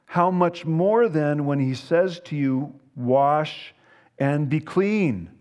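A man's voice: a little high, takes it slowly, a little mellow, dull audio. A man preaching who voices humble servants earnestly pleading with a proud general, in a raised voice.

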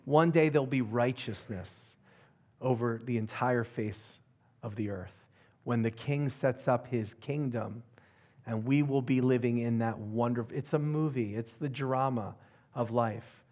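A male pastor delivering a sermon with emphasis. He keeps turning to his listeners with questions. His voice sits at a middle pitch. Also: a little slow, a little mellow. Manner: emphatic, asks the audience questions.

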